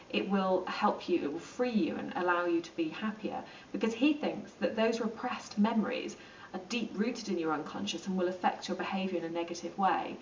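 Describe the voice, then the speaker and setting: A woman explaining psychology in a relaxed, chatty lesson, with plenty of ums and acted-out asides. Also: mid-range voice, a little hiss or hum. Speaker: psychology teacher. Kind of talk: informal lesson explaining to camera. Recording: roomy, distant and dull.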